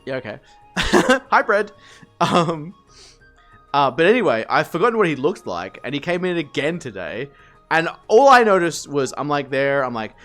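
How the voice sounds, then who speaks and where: A man streaming live, rambling through animated work stories to his chat, swearing and laughing as he goes. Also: fairly high pitch, moderate pace, faint music behind.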